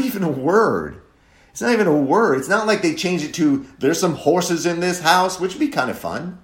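A man from Wisconsin giving a sardonic, opinionated monologue as a commentator, mocking and mimicking voices to make his point. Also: a little high. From Wisconsin, USA. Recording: roomy echo.

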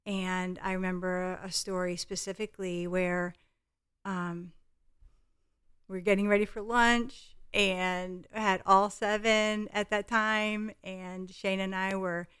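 A woman's voice: medium pitch, flat delivery, slow, fairly bright tone, smooth. A middle-aged woman guest telling a personal parenting story in an earnest, heartfelt way. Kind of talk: storytelling in conversation.

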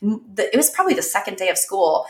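A woman in her thirties, co-hosting a podcast, telling stories in a casual, animated way and laughing often. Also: mid-range voice, fast talker, echoey room. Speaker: podcast co-host. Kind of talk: casual chat.

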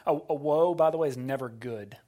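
A middle-aged man preaching a sermon in a mid-range voice. He delivers it dramatically, rising to loud emphasis and then falling to hushed, slowed lines. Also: mid-range voice. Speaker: pastor.

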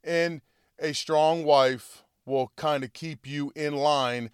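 Smooth-voiced man musing on fatherhood. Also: fairly high pitch, steady tone, takes it slowly, no echo, studio quality. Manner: storytelling, conversational, with asides and chuckles. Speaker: political commentary host. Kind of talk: casual monologue.

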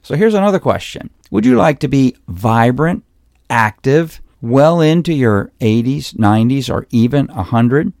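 In his solo health podcast, a chiropractor in his fifties earnestly lays out his points one by one. His mid-range voice is gravelly and a little mellow, animated yet unhurried, and the studio recording is clean with no echo.

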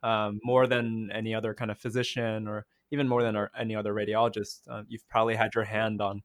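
A man's voice: fairly low pitch, little pitch movement, fast talker, dry recording, clean studio sound. A man co-hosting a podcast, asking questions in a friendly, appreciative way. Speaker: podcast co-host.

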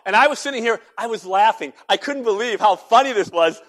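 A man preaching a sermon as pastor, telling stories with animated swings between hushed and loud delivery in a church. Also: high-pitched, brisk. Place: church sanctuary.

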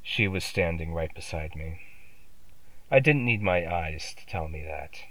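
A man narrating a scripted horror story in the first person, quiet and measured. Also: sits low, expressive, no echo, recorded from a distance, rough recording.

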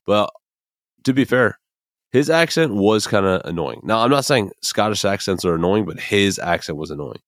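Deep-voiced young man rambling casually. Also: big pitch swings, normal speed, no echo, clean studio sound. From American Midwest. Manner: rambling, emphatic, profane, many fillers. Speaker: podcast host. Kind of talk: casual solo commentary.

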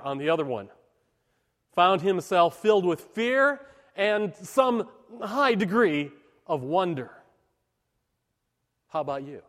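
A man preaching a sermon as a pastor, speaking in an emphatic, measured way with dramatic pauses. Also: high-pitched, a bit bright, in a large hall.

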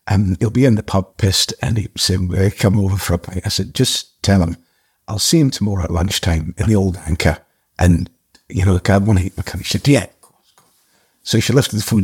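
An older man, an actor guest, telling a story casually in a halting way, with restarts and the odd casual swear. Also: on the low side, a little mellow, husky.

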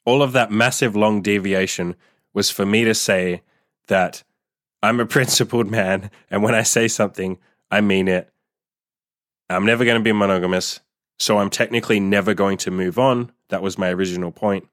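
Blunt, profane man with a low voice. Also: fairly even intonation, normal speed, fairly bright tone, no echo, clean studio sound. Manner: profane, blunt, laughs often. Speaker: podcast host. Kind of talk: casual monologue.

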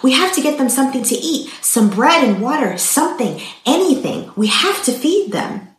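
A woman's voice: high-pitched, big pitch swings, moderate pace, pitched above the performer's own voice. A woman voicing an earnest churchgoing man who pleads and urges emphatically, in a room with an echo. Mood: urgent. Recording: roomy echo.

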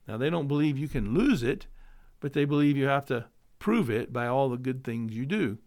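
A man teaching theology, reading scripture aloud and explaining it in a measured, explanatory way, his voice dropping low at the end of each point. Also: lively intonation, darkish tone. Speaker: Bible teacher.

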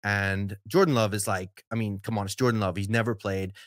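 A man's voice: on the low side, fairly even intonation, fairly quick, dry recording, studio quality. A man hosting a podcast, telling a long story in a casual, rambling way with many fillers and laughs. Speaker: podcast host.

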